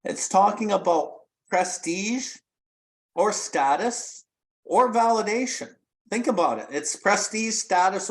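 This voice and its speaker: A man with a fairly high voice hosts a recovery podcast. He reads passages aloud and talks them through bluntly, with casual swearing. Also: low-quality recording. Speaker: podcast host.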